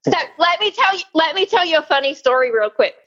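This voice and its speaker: A woman from the South Carolina mountains with a Southern accent, a podcast guest telling stories in a lively, laughing way. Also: very high-pitched, fast, highs cut off. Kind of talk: casual storytelling. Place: Florida.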